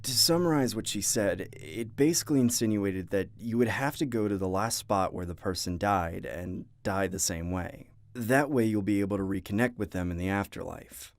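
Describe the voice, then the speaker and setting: Low-voiced young man telling a horror story. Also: moderate pace, few pauses, no room sound. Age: young adult. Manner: earnest, tense storytelling. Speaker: narrator. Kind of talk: first-person horror story narration.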